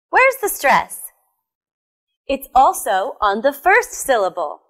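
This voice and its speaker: A young woman teaching English pronunciation, speaking slowly and carefully as in a classroom. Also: on the high side. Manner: slow, careful classroom enunciation. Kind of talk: recorded pronunciation lesson. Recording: soft music behind.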